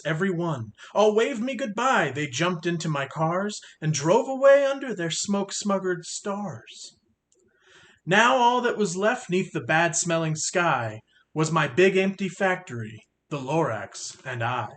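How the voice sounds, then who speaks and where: A man reading a rhyming picture book aloud with expressive, sing-song delivery. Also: on the high side, a little slow. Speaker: reader.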